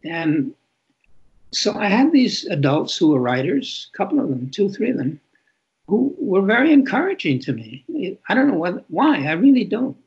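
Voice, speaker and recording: Husky older man, reflective and halting. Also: sits high, very animated, muffled recording. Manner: reflective, halting, repeats words. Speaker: author and interview guest. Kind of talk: candid conversational interview.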